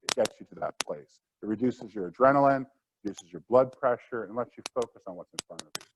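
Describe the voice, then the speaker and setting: A man's voice: mid-range voice, fairly quick, background noise. A middle-aged man presenting a live workshop lecture in a conversational way, with fillers and asides.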